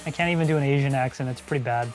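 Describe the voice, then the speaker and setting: A man's voice: medium pitch, racing, soft background music. A man hosting a live stream, chatting casually with co-hosts and joking at his own expense. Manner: joking, self-deprecating.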